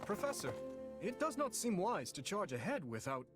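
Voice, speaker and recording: Brief: earnest young knight, high and animated, with game music under him. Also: male voice, normal speed. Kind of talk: game character dialogue.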